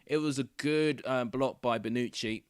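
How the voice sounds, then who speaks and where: Young guy doing a footy watchalong, rambly chat then yelling at close chances, normal pitch, dry close sound. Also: normal speed, clean tone, no room sound. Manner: chatty, rambling, bursts into excited shouts at near misses. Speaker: YouTuber hosting a football watchalong. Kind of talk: live match commentary and casual chat.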